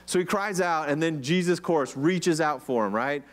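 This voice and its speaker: A man's voice: a little high, moderate pace. A man preaching a casual sermon, chatty and joking, with rhetorical questions and many "like"s. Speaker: pastor.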